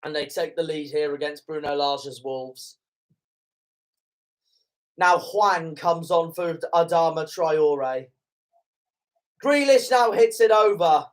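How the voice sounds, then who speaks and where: A young man calls a football match live in a fan reaction commentary, his voice sitting a touch higher than most men's. He grows indignant and swears at calls he thinks are wrong. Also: takes it slowly, long pauses.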